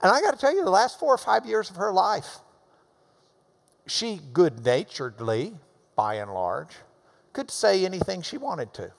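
A man preaching a sermon in a church. He talks emphatically, swinging between loud urging and quiet asides. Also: high voice, big pitch swings, normal speed, creaky. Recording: long reverb of a large hall.

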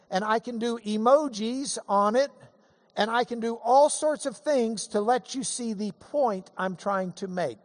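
A man delivers a sermon in a conversational teaching manner and keeps dropping into offhand asides. His pitch rises and falls with plenty of movement. The sound carries a long reverb, as if it came from a large church hall. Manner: lively, conversational preaching with asides. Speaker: pastor.

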